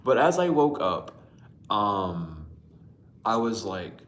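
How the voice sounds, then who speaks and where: Livestream host, male, lowish voice, rambling and profane, greets viewers, echoey room. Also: big pitch swings, slow pace, fairly bright tone. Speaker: livestream host reading dreams. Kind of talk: casual livestream dream storytelling. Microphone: Bluetooth mic.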